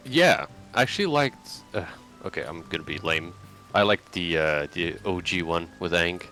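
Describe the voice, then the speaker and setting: A man with a very low voice chatting casually with a friend during a game stream. He talks in an easygoing, self-deprecating way. Faint music sits in the background. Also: expressive, moderate pace, sharp tone. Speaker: friend in voice chat. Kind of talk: casual chat.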